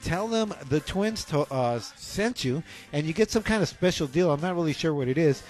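A man's voice: a little high, expressive, moderate pace, darkish tone, faint music behind. A middle-aged man, co-hosting a radio show in laid-back, slangy, playful chatter. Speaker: radio co-host. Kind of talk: casual radio banter.

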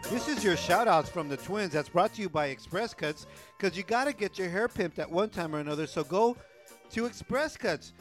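A joking, laid-back male podcast co-host with a slightly high voice. He chats casually over faint background music and keeps ending his lines with "eh". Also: expressive, moderate pace.

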